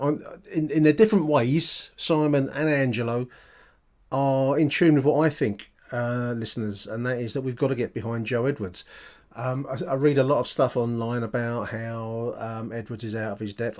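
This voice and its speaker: A male podcast host with a mid-pitched voice responds to his listeners' messages. He speaks in a measured, slightly formal way and addresses his audience directly. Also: a little mellow. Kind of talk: podcast commentary.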